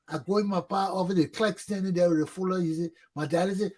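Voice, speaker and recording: A middle-aged man hosting a talk show, telling a long personal story in a casual, animated way and acting out shouted quotes. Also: sits high, fast, few pauses. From Liberia.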